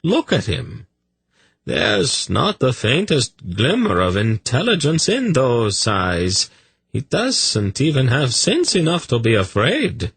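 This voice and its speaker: A man's voice: medium pitch, wildly swooping pitch, slow pace, a bit bright, breathy edge, no room sound, pitched above the performer's own voice, exaggerated voice. A male audiobook narrator voicing a scornful older male nobleman who speaks in a sarcastic, dismissive way. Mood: scornfully sarcastic. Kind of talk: audiobook character reading.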